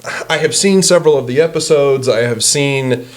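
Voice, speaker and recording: A man's voice: mid-range voice, moderate pace. Middle-aged man, chatty podcast guest, jokey. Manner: chatty and joking, with frequent fillers and restarts. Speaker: insurance agent guest. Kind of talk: casual podcast chat.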